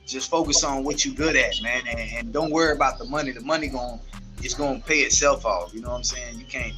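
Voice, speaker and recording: A man's voice: medium pitch, fast talker, over music. A man from Texas with a Southern accent, a guest telling loose, streetwise stories in a casual interview. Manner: loose streetwise storytelling, acts out quotes, keeps saying "you know what I'm saying". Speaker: guest, tourism guide.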